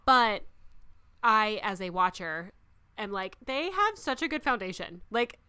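A woman in casual chat about movies, telling stories in an animated way and acting out her own reactions. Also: mid-range voice, unhurried, smooth, no echo, clean studio sound.

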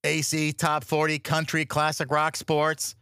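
Sarcastic radio guy, kinda high and sharp, laughs a lot, dry studio sound. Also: monotone, unhurried, smooth, no room sound. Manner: sarcastic, laughs often, mocking rants. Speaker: radio show co-host. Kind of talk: casual radio banter.

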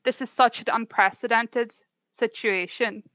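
A woman's voice: fairly high pitch, fairly even intonation, measured pace, a bit bright, no echo. A young Irish woman in casual debate chat, blunt and swearing freely, with exasperated teasing. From Ireland. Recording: dull lo-fi audio.

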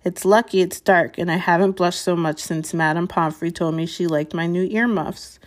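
Woman reading calm old wizard, gentle, unhurried, somewhat low voice, storybook. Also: lightly acted.

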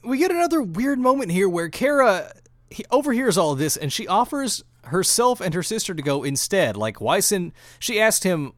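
A man with a slightly high voice that swings widely in pitch narrates a TV plot as a podcast co-host. He tells it in an animated way and plays up his mock outrage. The sound is dry and close, with no room around it. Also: normal speed, no room sound. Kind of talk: casual episode recap chat.

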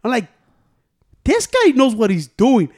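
A man's voice: extremely high pitch, huge pitch swings, a little slow, a little mellow. A man in casual chat, swearing freely and mixing Spanish into his English. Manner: profane, mixes Spanish and English.

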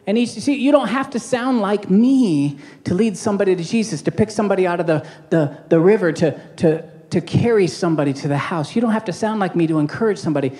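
A man preaching as a pastor in a casual, joking sermon style, with quick asides and call-outs to the congregation. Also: high-pitched, mellow.

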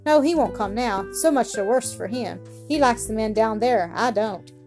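A woman voicing a cheerful, generous young newsboy, reading him higher and brighter than her narration. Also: moderate pace, soft background music, natural voice.

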